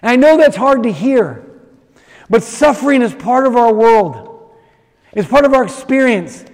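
A man's voice: very high-pitched, lively intonation, normal speed, darkish tone. A man preaching a sermon, retelling a story with acted-out voices and then speaking directly to the congregation. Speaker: pastor. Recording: long reverb of a large hall.

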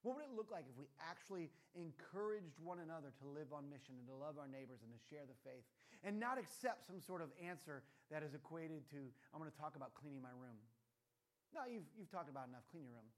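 A man's voice: on the high side, expressive, fast, hardly any pauses. A man preaching a sermon with many rhetorical questions, acting out little dialogues to make his point. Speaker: pastor.

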